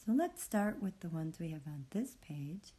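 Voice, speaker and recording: A woman teaching a phonics reading lesson, patiently sounding out words and praising the learner in a soft, encouraging way. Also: fairly low pitch, big pitch swings, normal speed.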